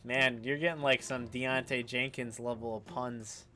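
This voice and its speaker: Fast-talking Kentucky man streaming a game. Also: medium pitch, steady tone, pushed and bright. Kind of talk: casual live-stream commentary.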